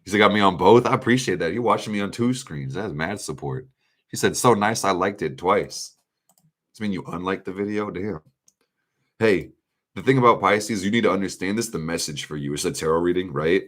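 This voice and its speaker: Very deep-voiced hyped man reading tarot. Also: fairly quick, fairly bright tone. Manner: hyped, profane, talks straight to chat with slang. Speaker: astrology and tarot reader. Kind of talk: casual live-stream tarot reading.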